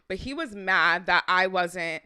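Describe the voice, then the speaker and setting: Bright, smooth-voiced woman podcast co-host. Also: lowish voice, lively intonation, unhurried. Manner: conversational, swearing, self-mocking. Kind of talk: casual chat storytelling.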